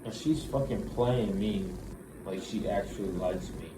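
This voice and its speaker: A man's voice: low voice, unhurried. A young man in his twenties telling a profane, rambling personal story, full of "like" and restarts. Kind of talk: casual storytelling. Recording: roomy, distant mic, noisy background.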